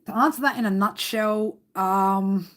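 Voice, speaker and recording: A woman's voice: medium pitch, measured pace. A woman reading tarot on a live stream, chatting casually with viewers, rambling, swearing a lot and laughing often. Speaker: tarot reader.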